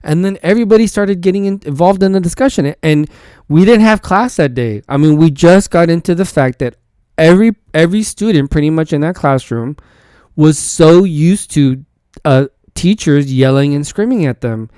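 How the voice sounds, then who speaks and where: A man's voice: on the high side, lively intonation, moderate pace, mellow, clear, resonant tone, no room sound, studio quality. A man who is a teacher and podcast host, telling a story in a rambling, casual way with many false starts and repeated words.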